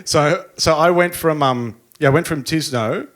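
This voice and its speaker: A man's voice: fairly high pitch, moderate pace, a bit bright. An Australian man, a guest DJ in casual chat, telling a long story with many restarts and fillers.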